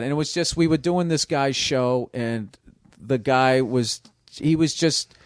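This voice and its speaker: A man's voice: on the high side, clean tone, no room sound, clean studio sound. Profane, rambling storytelling man. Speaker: comedian guest. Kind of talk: casual podcast storytelling. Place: small home studio.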